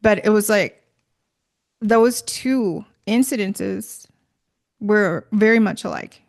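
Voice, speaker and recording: A woman's voice: medium pitch, slow pace, vocal fry. Middle-aged woman, casual storyteller, rambling with fillers, mid-range voice. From Minnesota. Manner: rambling, many fillers and restarts.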